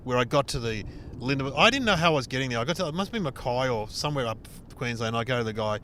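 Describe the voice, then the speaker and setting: Animated Australian man telling stories. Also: mid-range voice, quick pace, a little hiss or hum. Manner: animated, swearing, acts out dialogue. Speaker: comedian podcast host. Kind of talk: casual storytelling chat. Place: inside a car on a road trip.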